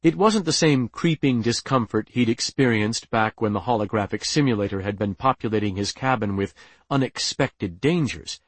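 A man's voice: medium pitch, moderate pace, breathy edge, dry recording. Man narrating an audiobook, dry sound. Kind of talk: scripted narration.

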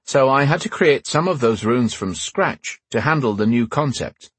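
A man reading an audiobook, voicing a defiant young male wizard with a breathy, raised voice. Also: medium pitch, expressive, normal speed, no echo. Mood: explaining. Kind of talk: audiobook character voice.

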